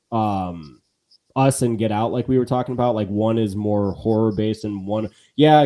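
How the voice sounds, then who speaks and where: A man's voice: on the low side, mellow. A man co-hosting a live podcast in casual chat, rambling with lots of fillers and restarts. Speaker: podcast co-host.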